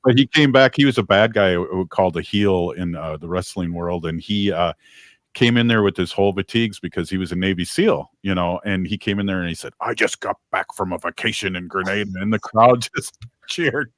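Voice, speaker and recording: A man's voice: sits low, expressive, a little fast, no room sound, studio quality. A man hosting a radio talk show, telling rambling, joking anecdotes with many fillers. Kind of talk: casual radio conversation.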